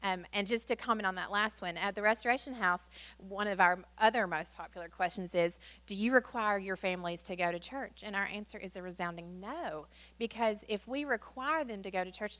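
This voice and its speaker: A woman's voice: medium pitch, moderate pace, a bit bright. A woman presenting a training workshop in a chatty way, with many fillers. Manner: chatty, many fillers, acts out quotes in story.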